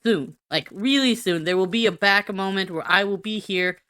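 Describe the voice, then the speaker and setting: A woman's voice: mid-range voice, moderate pace, bright, forceful tone, no room sound. A woman streamer doing a silly, rambling, self-mocking be-right-back rant.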